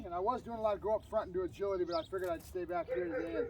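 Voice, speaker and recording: Guy talking through dog training, high voice, mic kinda far off, lots of noise around. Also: lively intonation, rapid-fire. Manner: chatty, explains while praising the dog in short bursts. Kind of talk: casual training vlog with commentary. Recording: distant mic with loud background noise.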